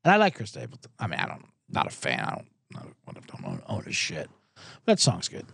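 A man's voice: low voice, wildly swooping pitch, brisk, vocal fry, fairly bright tone, slightly rough, dry recording, clean studio sound. A man hosting a sports betting show in loose, rambling, profane casual talk, reading out viewer comments as he goes.

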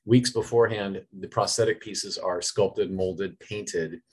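A man's voice: low-pitched, steady tone, a little slow, husky. A middle-aged man, an actor answering interview questions in an enthusiastic, laughing way. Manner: enthusiastic, laughing fan talk.

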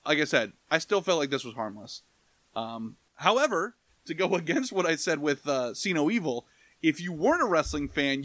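A man's voice: mid-range voice, a bit bright, no room sound. A man in casual podcast chat reviewing a movie, rambling and profane, breaking into goofy impressions. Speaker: podcast co-host.

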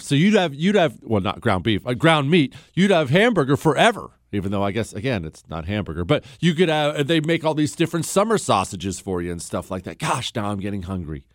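A man's voice: on the high side, dry recording, studio quality. A man hosting a call-in talk radio show, talking in a conversational, emphatic and opinionated way.

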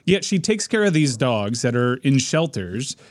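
A man co-hosting a radio show who tells a rambling story with halting restarts. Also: medium pitch, very animated, no room sound. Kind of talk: casual talk-show chat. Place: radio studio.

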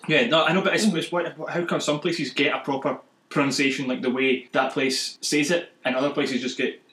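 A man's voice: medium pitch, fairly even intonation, a little fast, pushed and bright, echoey room, rough recording. A man, a podcast co-host, rambling through stumbling retellings in casual chat and laughing a lot.

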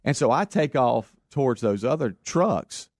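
A man's voice: medium pitch, unhurried, no echo, studio quality. A middle-aged man, co-hosting and telling a rambling story, acting out the voices of the people in it. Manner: animated, acts out voices in his story, restarts a lot. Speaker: radio show co-host telling a story. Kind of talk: casual storytelling banter.

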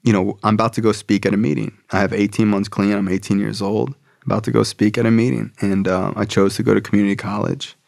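A man's voice: lowish voice, level tone, fast talker, vocal fry, hardly any pauses, a little mellow, dry recording, studio quality. A man telling a story casually, loose and profane, full of slang fillers.

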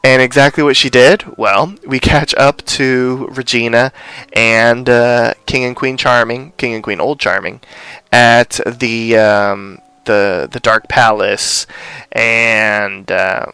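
A young man rambles through a TV episode recap with plenty of fillers, slipping into the characters' lines as he goes. His voice is smooth and resonant, recorded dry and close with no room sound. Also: mid-range voice, steady tone, takes it slowly, bright, forceful tone, dry recording. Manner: rambling, lots of fillers, acts out quotes. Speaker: podcast co-host recapping a TV episode. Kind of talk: casual recap chat.

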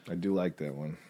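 A man co-hosting a podcast in casual chat, telling a rambling bar story and mimicking people in high squeaky voices. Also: mellow. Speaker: podcast co-host.

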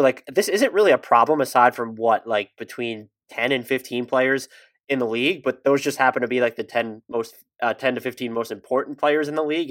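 A man talks through ideas on a casual sports podcast, thoughtful and hedging. His voice sits at an ordinary middle pitch. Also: fairly bright tone. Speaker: podcast co-host. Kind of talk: casual basketball podcast chat.

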